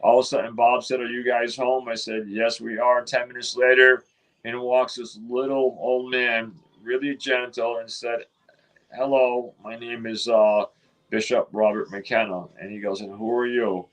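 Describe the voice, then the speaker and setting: A man's voice: mid-range voice, flat delivery, moderate pace, a bit bright, low-quality recording. A man, telling a long story in a casual interview, rambling with many restarts and quoted dialogue. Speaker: interview guest.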